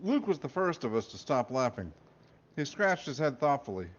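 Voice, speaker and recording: Brief: male reader, deadpan comic narration, mid-pitched, dull lo-fi podcast sound. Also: moderate pace.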